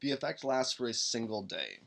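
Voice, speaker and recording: Gravelly and a bit bright, this man's medium-pitched voice has a sing-song lilt at normal speed. He hosts a live-streamed tabletop game podcast, building a character while rambling casually, reading rules text aloud and humming to himself as he looks things up.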